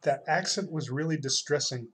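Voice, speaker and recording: Laid-back husky-voiced man rambling. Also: fairly high pitch, normal speed, a bit bright. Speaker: streamer. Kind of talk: casual chat while drawing on stream.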